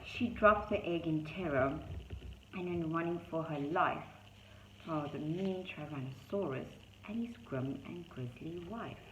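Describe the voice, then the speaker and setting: A woman's voice: sits low, unhurried, a bit bright, a little hiss or hum. A woman reading a rhyming picture book aloud to young children, in a sing-song rhythm with chatty asides about the pictures. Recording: dull echoey room.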